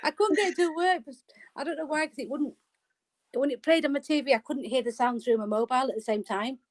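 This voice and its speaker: A woman's voice: sits high, quick pace. A woman chatting casually as a call-in guest, giggly, laughing between phrases. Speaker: guest calling in. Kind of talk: casual chat.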